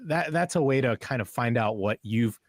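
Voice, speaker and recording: A man contributing from a studio, talking in a relaxed, hesitant way with many fillers. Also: medium pitch, moderate pace, no room sound. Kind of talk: casual radio chat.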